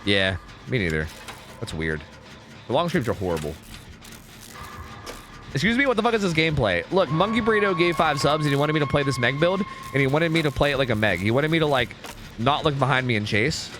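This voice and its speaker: A young man streaming a game, talking casually and swearing as he thinks out loud. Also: medium pitch, brisk, long pauses. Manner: animated, profane, thinks out loud. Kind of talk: casual live-stream gameplay commentary.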